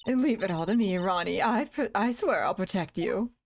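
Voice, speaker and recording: A woman's voice: mid-range voice, expressive, moderate pace, a little hiss or hum, close to an everyday voice. A woman voicing a flirty, doting woman who drops in French greetings, in a sing-song manner.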